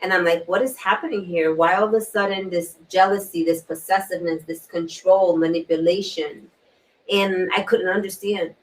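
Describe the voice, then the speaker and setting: A woman hosting a talk show, sharing a personal story in an earnest way, repeating key words and often clearing her throat. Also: lowish voice, steady tone, normal speed. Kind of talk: personal testimony in a panel talk. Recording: distant mic.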